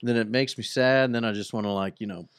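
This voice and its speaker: A man's voice: medium pitch, fairly even intonation, fast, smooth, no room sound, studio quality. A man co-hosting a podcast, chatting earnestly about grim videos. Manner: earnest, tells grim stories. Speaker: podcast co-host. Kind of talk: casual chat.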